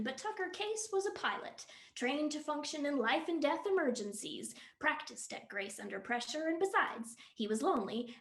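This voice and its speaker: Animated woman reading a story. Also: high-pitched. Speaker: library staff reader. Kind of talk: expressive reading of a comic novel. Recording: roomy echo.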